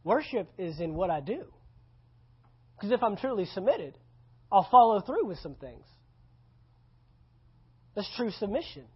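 A male pastor preaches a sermon at a church service in a conversational, emphatic style, repeating key phrases. His voice is high-pitched and sing-song with a breathy edge, and he speaks unhurriedly with long pauses. The recording is lo-fi and slightly dull.

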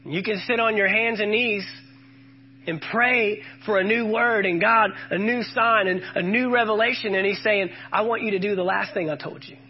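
Male preacher with a high voice, emphatic and call-and-response, on a muffled recording. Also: steady tone, normal speed, slight background noise. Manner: emphatic, calls out to the congregation and quotes scripture. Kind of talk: sermon.

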